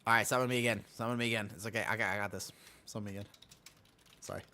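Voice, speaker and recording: A man's voice: fairly low pitch, steady tone, very fast, bright, forceful tone. A young man chatting casually while streaming a game, answering chat, hopping between topics and laughing often. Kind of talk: casual live-stream commentary while gaming.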